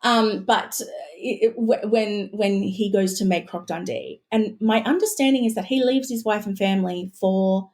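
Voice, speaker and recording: A woman's voice: mid-range voice, moderate pace, darkish tone. An Australian woman, a guest historian, talking in a casual podcast conversation, chatty and full of restarts and asides.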